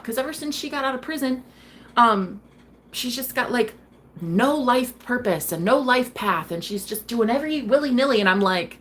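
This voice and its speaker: A woman's voice: a little high, animated, moderate pace, a bit bright. A woman hosting a tarot live stream, talking casually in a rambling, heated way, swearing freely and saying "like" a lot. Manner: rambling, heated and profane, heavy on "like".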